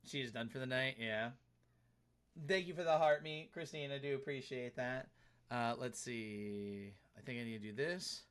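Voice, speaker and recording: A man's voice: medium pitch, normal speed, a bit bright, smooth. A man streaming a game live, chatting casually and laughing as he reads and answers his chat. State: tired arms after a workout.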